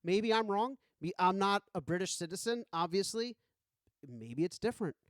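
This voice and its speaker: A man co-hosting a podcast in casual chat, animated and ranting, with the odd mock voice. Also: high-pitched, normal speed, no echo, clean studio sound. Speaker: podcast co-host.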